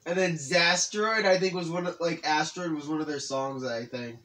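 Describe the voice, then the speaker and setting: Excitable young man co-hosting a game. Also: fairly high pitch. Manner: excitable, chatty, quick bursts of excitement. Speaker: let's play co-host. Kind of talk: casual gaming commentary.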